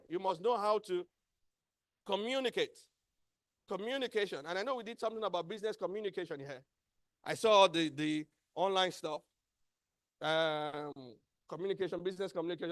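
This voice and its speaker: A man's voice: high voice, fairly bright tone, dry recording, clean studio sound. A man with a Nigerian accent giving a motivational training talk, emphatic and repeating key words as he quizzes his audience. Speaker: workshop trainer.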